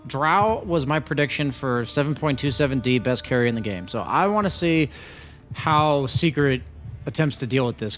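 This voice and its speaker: A man's voice: on the high side, fairly bright tone. Candid joking male esports analyst. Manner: candid, joking, trailing off mid-thought. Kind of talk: analyst desk discussion.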